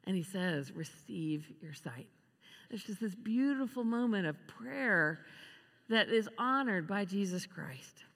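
A woman delivers a sermon in a bright, clear voice, slipping into the voices of the people she quotes. Her speech rings out with a long reverb, as in a large hall. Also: mid-range voice, a little slow. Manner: expressive, acts out quoted voices with laughs. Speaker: preacher.

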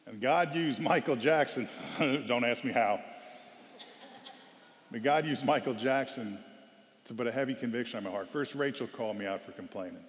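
A man giving a storytelling sermon as a guest speaker, animated and loudly acting out quoted lines. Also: medium pitch, normal speed. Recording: long hall reverb.

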